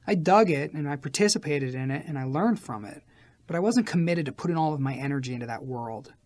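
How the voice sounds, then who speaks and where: A man with a slightly high voice reads a first-person memoir aloud as an audiobook. His delivery is animated, jumping between loud, lifted phrases and low, quiet asides. The reading stays lively and storytelling throughout. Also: fairly quick. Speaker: audiobook narrator.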